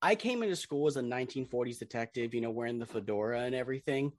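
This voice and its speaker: A man's voice: medium pitch, fast, no echo. A young man co-hosting a podcast, telling stories in a rambling, swearing, laugh-filled way. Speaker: podcast co-host. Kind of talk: casual podcast chat.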